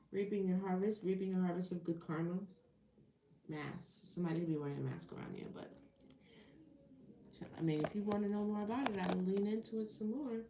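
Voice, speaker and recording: A woman's voice: medium pitch, vocal fry, dark tone, roomy sound, slight background noise. A woman reading tarot on a live stream, chatting casually with her viewers and getting indignant at rude comments. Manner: casual, talks to chat, gets heated and indignant. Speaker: tarot reader.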